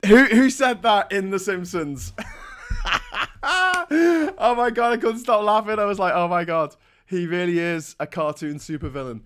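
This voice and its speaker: A male morning-show host talks through his commentary in a loose, teasing way. His voice sits high for a man, and laughter keeps breaking through his sentences. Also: moderate pace, smooth. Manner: chatty and mocking, often breaking into laughter. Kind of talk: casual satirical commentary.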